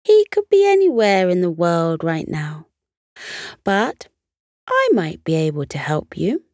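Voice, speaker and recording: Woman doing a cheerful high-voiced snow woman. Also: wildly swooping pitch, measured pace, darkish tone, dry recording, studio quality, heavily acted.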